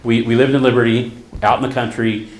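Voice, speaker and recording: A man's voice: medium pitch, a little fast. Storytelling man in an echoey hall. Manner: storytelling, animated, acts out quotes. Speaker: therapist. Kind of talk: conference talk. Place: conference hall.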